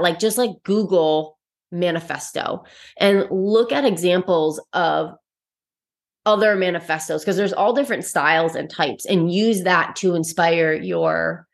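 A young adult woman hosting a podcast, talking earnestly and reflectively in a casual solo chat with frequent fillers and restarts. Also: fairly low pitch. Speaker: host.

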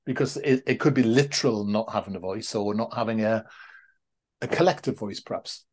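Husky-voiced male podcast host. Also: on the low side, fairly quick. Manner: hesitant, thinks aloud with restarts. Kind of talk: reflective interview questions.

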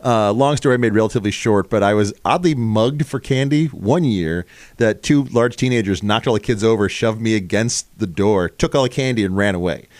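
A man's voice: fairly low pitch, brisk, dry recording. A man hosting a casual podcast chat, telling a long story and acting out the voices of the people in it. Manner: animated storyteller, acts out voices. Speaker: podcast host.

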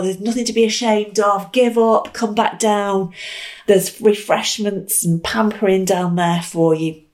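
A woman's voice: medium pitch, a little mellow, close to an everyday voice. Woman voicing taunting toad hecklers. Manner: taunting, coaxing. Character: jeering toads heckling a climbing frog.

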